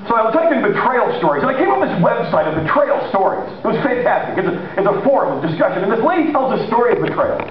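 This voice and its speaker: A man preaching a sermon in a conversational, animated way, acting out the people he quotes. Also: high voice, fast, hardly any pauses. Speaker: pastor. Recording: echoey hall, distant mic, lo-fi.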